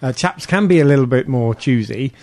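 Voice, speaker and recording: A male radio presenter chats with a guest in a friendly, easygoing way, now and then laughing lightly between phrases. His voice sits at a middle pitch, and the studio sound is dry and close-miked. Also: lively intonation, fairly quick, darkish tone, no room sound. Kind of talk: casual radio interview.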